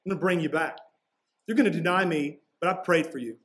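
A man's voice: fairly high pitch, fast, fairly bright tone. A man preaching a sermon as pastor, walking through a passage in a casual, conversational way with slangy asides.

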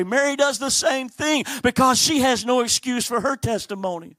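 A man's voice: extremely high pitch, fairly quick, few pauses, fairly bright tone, dry recording. A man preaching a sermon, telling the story with animation and acting out the characters.

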